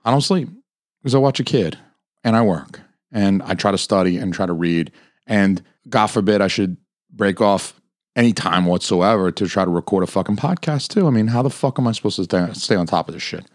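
A man hosts a podcast by himself, delivering a crude solo rant that rambles from topic to topic and is full of swearing. His deep voice moves a little fast, captured on a home studio mic in a dry recording.

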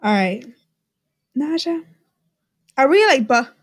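Young Texan woman, high-pitched, playful co-host who laughs easily. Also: sing-song. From Texas. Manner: giggly, joking, quick to laugh. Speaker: podcast co-host. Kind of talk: casual chat.

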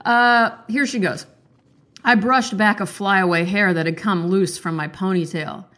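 A young woman chatting casually, then reading a children's book aloud and lifting her pitch for the characters' lines. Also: steady tone, unhurried, fairly bright tone. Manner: chatty, playful, voices characters with pitch lifts. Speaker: book reader and commentator.

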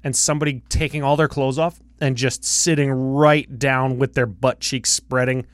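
A man's voice: mid-range voice, moderate pace, no room sound. A man co-hosting a podcast, chatting casually and cracking crude jokes. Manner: jokey, crude, lively banter. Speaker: podcast co-host. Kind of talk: casual chat.

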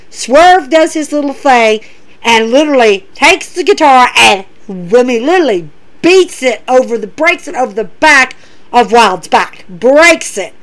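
Lively high-pitched woman recapping wrestling. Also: poor audio. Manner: excitable, animated retelling with quoted lines. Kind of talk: casual recap commentary.

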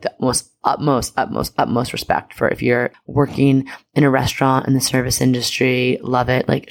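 A woman's voice: extremely low pitch, vocal fry. A young adult woman telling a personal story in a casual monologue, full of "like" fillers and candid swearing.

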